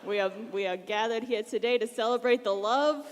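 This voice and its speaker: A woman's voice: fairly high pitch, brisk, lightly acted. A woman voicing a fussy, sentimental mock wedding officiant in a hammy, sing-song manner with Yiddish words, on a live hall stage. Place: convention ballroom stage. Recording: live hall with reverb, crowd noise.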